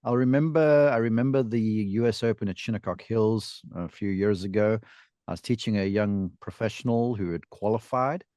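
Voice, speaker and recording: Low-voiced male golf podcast host. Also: moderate pace, no echo, clean studio sound. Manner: storytelling, animated asides. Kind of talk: casual podcast interview.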